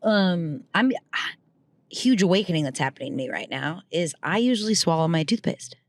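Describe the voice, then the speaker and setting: A woman guest in a casual chat in a car, a chatty and lively storyteller who is quick to laugh. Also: on the low side, no room sound. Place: inside a car.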